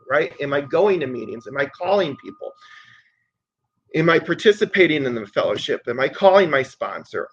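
A man's voice: on the high side, slightly rough, dull audio. A man in his thirties giving an earnest, conversational personal share at a recovery meeting, repeating phrases for emphasis.

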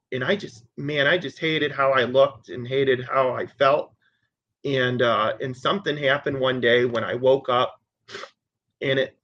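A man's voice: medium pitch, a bit bright. Man in his thirties, earnest and conversational, telling his recovery story with repeated emphasis; muffled lo-fi audio. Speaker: recovery meeting speaker. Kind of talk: personal recovery share.

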